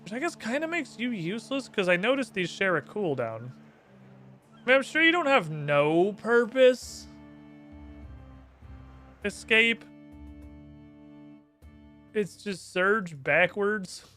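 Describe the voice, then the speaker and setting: Man streamer, crude and chatty, bright tone, slightly high voice. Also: sing-song, slow pace, pauses often, soft background music. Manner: brash and profane, thinking aloud. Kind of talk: live gameplay commentary.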